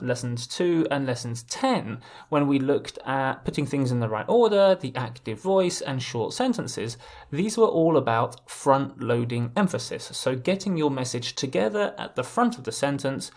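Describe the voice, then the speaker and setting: A man teaching a legal English writing lesson, explaining clearly and restarting words now and then. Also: medium pitch, a little mellow. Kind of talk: video lesson.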